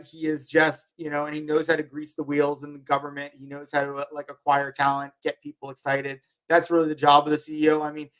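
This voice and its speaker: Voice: medium pitch, fairly bright tone. A company head hosting a weekly markets show in an easygoing, unscripted way. The talk wanders and keeps stalling on filler words before each point lands. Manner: rambling, heavy with "like" and "um" fillers.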